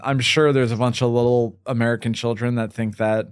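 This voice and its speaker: A man's voice: medium pitch, little pitch movement, fairly quick, clear, resonant tone, no echo, studio quality. A man hosting a podcast, chatting casually with hesitant fillers and restarts. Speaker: podcast host. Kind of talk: casual chat.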